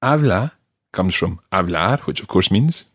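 Lively-voiced man teaching a language. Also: low-pitched, a little slow, no room sound, studio quality. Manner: clear, patient explaining with lively intonation. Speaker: language teacher and podcast host. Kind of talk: language lesson explanation.

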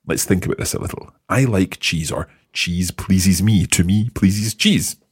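A man's voice: low-pitched, a little slow, slightly rough, no echo, studio quality. A man teaching a language lesson, patiently asking questions and encouraging his students.

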